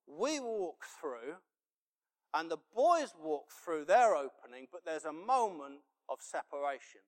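Impassioned preacher, fairly high voice. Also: male voice, very animated, slow pace. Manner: storytelling, builds to loud impassioned preaching. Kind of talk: sermon.

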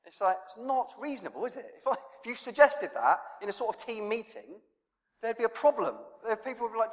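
A man's voice: sits high, animated, fairly quick. A man preaching an informal sermon, conversational and self-deprecating, with lots of rhetorical questions. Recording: long hall reverb.

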